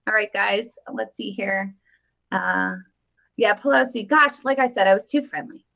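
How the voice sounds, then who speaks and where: A woman vlogger giving casual live-stream political commentary, emphatic and animated, often repeating her phrases. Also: medium pitch, unhurried, gravelly.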